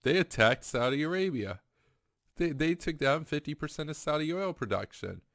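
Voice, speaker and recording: A man's voice: on the high side, expressive, normal speed, gravelly, fairly bright tone, no room sound, studio quality. A man giving a heated, repetitive political commentary monologue. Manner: emphatic, ranting, repetitive.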